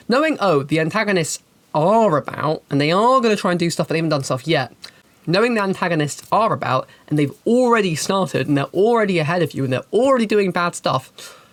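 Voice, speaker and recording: A woman hosting a channel, giving game master advice in an animated, chatty and emphatic way. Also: deep voice, a little fast, no room sound. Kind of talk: casual advice talk and storytelling.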